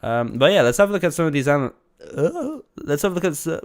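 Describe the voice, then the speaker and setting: A man with a slight cold, a bit congested, chats casually as a streamer reacting to videos. His voice is on the high side and sing-song, and he talks fast, rambling with lots of restarts and laughs.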